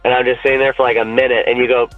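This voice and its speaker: A man's voice: medium pitch, very fast, no echo, soft background music. Man on a tinny phone-like line. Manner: rambling and animated, swears freely, many restarts. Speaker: podcast guest and fan-film actor. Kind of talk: casual chat.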